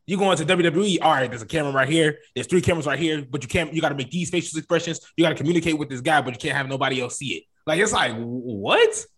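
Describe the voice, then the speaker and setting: A man co-hosting a casual wrestling podcast, rambling and animated, acting out quotes in jokey voices. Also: on the high side, rapid-fire, few pauses, breathy edge. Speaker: podcast co-host.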